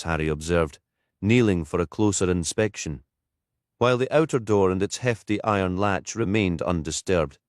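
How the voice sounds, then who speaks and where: A man reading a crime novel aloud in steady, scripted audiobook narration. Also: low-pitched, no room sound, studio quality.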